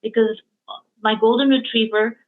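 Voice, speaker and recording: A woman's voice: on the high side, fairly even intonation, moderate pace. A woman hosting an interview, telling stories in an emotional, rambling way with many fillers. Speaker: host. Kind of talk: casual interview chat. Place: lives in Hong Kong. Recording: tinny phone-like line.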